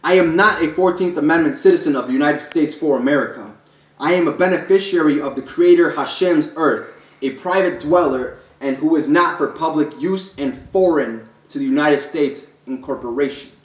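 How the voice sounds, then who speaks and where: Man reading a declaration aloud, firm and emphatic, a touch high-pitched, roomy echo. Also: normal speed. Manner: emphatic, listing clauses one by one with stumbles. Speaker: self-declared speaker reading a public proclamation. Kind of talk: read-aloud declaration to camera.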